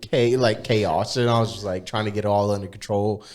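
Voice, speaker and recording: A young man with a fairly low voice chats casually as a podcast co-host. He swears freely and tells stories in slang. When a story gets going, his voice jumps high and loud. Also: steady tone, moderate pace. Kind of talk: casual chat.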